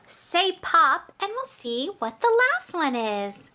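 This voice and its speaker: Very high, slow sing-song woman. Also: very animated, sharp tone, slight background noise. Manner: playful, exaggerated, makes animal sounds; encouraging, speaks to the viewer directly. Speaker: children's educator host.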